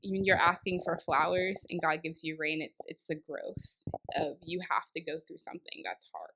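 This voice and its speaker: Young woman on a faith podcast, thinking out loud, lots of likes and ums. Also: low-pitched, moderate pace, gravelly, a little hiss or hum. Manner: thoughtful, rambling with many fillers and restarts. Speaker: podcast guest. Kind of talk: casual faith chat.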